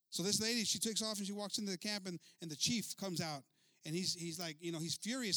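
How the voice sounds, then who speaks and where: Stammering bilingual preacher, fairly high voice. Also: male voice, fast, sharp tone, dry recording. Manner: stammering restarts, repeating words, calling listeners brothers. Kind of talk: bilingual sermon, interpreting himself.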